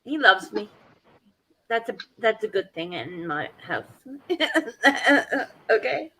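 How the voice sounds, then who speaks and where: A woman artist hosting a livestream, chatting casually, giggly and excitable, swearing freely. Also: mid-range voice, takes it slowly, slightly rough, rough recording. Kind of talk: casual chat.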